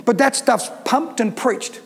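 High-pitched emphatic preacher in a hall. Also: male voice, measured pace, vocal fry, fairly bright tone. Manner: emphatic, preaching with rising intensity. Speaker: pastor. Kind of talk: sermon. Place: church hall. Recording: reverberant church hall.

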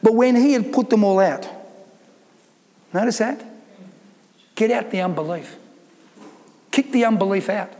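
A man's voice: high-pitched, unhurried, pauses often, dark tone, big-room sound. A male pastor preaching a sermon, emphatic and repeating phrases for stress.

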